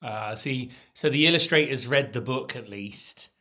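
A man co-hosting a casual podcast, relaxed and quick to laugh. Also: mid-range voice. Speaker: podcast co-host. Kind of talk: casual chat.

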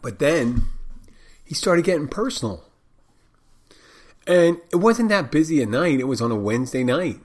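A man's voice: fairly high pitch, lively intonation, normal speed, pauses often. An older man, a bartender, telling a story in a rambling, frank way, full of restarts and blunt words. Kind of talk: casual storytelling monologue.

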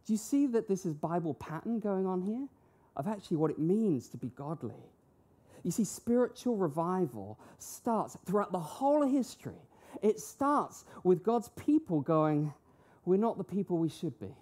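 A woman's voice: lowish voice, very animated, moderate pace, mellow. A woman preaching a sermon, emphatic and full of rhetorical questions that she answers herself. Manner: emphatic, uses rhetorical questions and acted-out quotes.

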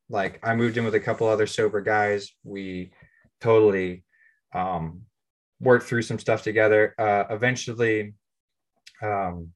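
Candid American man, fairly low voice. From United States. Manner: candid, self-deprecating, plain-spoken. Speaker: podcast co-host. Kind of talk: casual personal storytelling.

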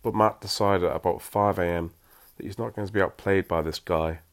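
A man's voice: deep voice, steady tone, brisk. A man reading a story aloud, breaking off for wry, self-mocking asides.

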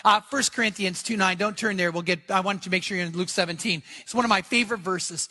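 An older man preaches in a church sanctuary, his voice pitched high and ringing bright. He is fervent and emphatic, driving points home by repeating them to the congregation. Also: quick pace, few pauses. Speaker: pastor. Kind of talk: sermon.

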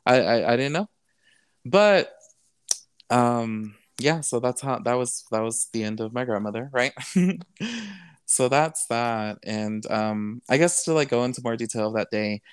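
Man, podcast guest, casual earnest storytelling, smooth clear voice, dry close sound. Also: medium pitch, unhurried, no room sound. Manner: switches between English and Spanish, many fillers like "you know"; earnest, emotional retelling.

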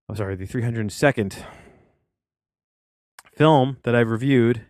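A man's voice: mid-range voice, clean tone, dry recording. A man hosting a casual solo film-review podcast from his home office studio, rambling through tangents and restarts.

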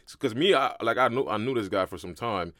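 A young man from Brooklyn, co-hosting a podcast in slangy, animated casual chat. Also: on the low side, no room sound, studio quality. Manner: fast, slangy, animated storytelling. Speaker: podcast co-host.

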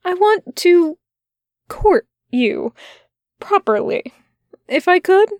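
A woman voicing a fussy, gentle male angel who speaks tenderly and stammers when flustered. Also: very high voice, very animated, slow, no echo, voice pushed up, heavily acted.

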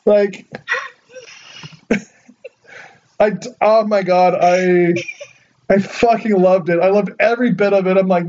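A young man from Southern California telling a story in casual chat, animated, laughing often and saying "like" a lot. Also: high-pitched, slow, pauses often, dull audio.

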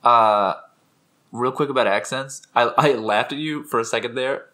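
A man's voice: mid-range voice, normal speed, sharp tone. A man co-hosting a comedy podcast from a couch at home, rambling casually and often breaking into laughter. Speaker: podcast co-host. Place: living-room couch at home.

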